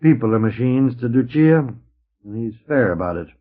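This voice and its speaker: A man's voice: mid-range voice, expressive, moderate pace, close to an everyday voice. A man voicing a weary old male actor who talks in a wry, theatrical way, heard on a dull old recording.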